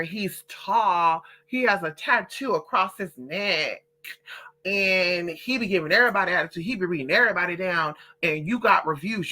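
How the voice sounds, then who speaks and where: A woman telling a long, profane story in a casual storytime vlog, talking straight to her viewers and acting out other people's voices. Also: medium pitch. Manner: animated, profane, chatty. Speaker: vlogger.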